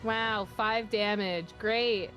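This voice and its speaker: A woman's voice: mid-range voice, fairly even intonation, extremely slow, fairly bright tone, soft background music. A woman streaming a video game, talking casually and swearing freely as she reacts to the play. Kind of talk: casual gameplay chat.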